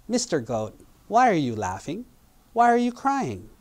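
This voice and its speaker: A man's voice: high-pitched, wildly swooping pitch, normal speed, mellow, voice pushed up. A man voicing two puzzled young brothers in a spoken parable, asking questions in a raised voice.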